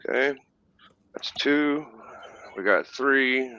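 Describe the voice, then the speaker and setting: A man's voice: medium pitch, slow, sharp tone, clean tone. A man chatting eagerly on a casual stream while showing off comic books. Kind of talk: casual live stream chat. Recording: dull lo-fi stream audio.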